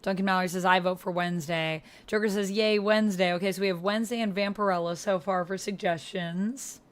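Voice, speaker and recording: A woman's voice: mid-range voice, steady tone, a little fast. Woman streamer, casual gaming chat, reads out comments, encouraging replies. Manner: reads viewer comments aloud and answers them; encouraging, supportive.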